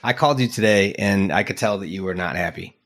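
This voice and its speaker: Lower-voiced man hosting a teasing chat. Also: quick pace. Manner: joking, teasing, animated. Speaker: podcast host. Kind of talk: casual chat.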